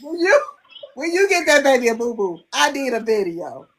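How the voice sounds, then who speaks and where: A woman's voice: sits high, sing-song, normal speed, fairly bright tone. A woman hosting a podcast, chatting casually and reacting playfully to her guest. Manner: laughing along, playful reactions. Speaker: podcast host. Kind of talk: casual chat.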